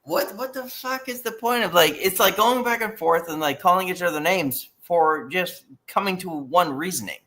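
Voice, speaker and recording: Male co-host, higher voice, animated, casual slang. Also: normal speed, hardly any pauses. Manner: animated, says dude and like a lot. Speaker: podcast co-host. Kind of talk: casual chat.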